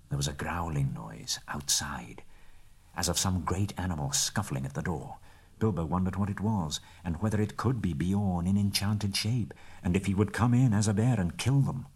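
Deep gravelly male storyteller. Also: a little mellow. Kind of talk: storybook narration.

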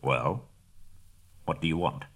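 A man voicing a huge, gruff, bearded shape-shifting man in a storybook reading, speaking bluntly. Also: very deep voice, slow pace, a bit bright, voice pushed down, full character voice.

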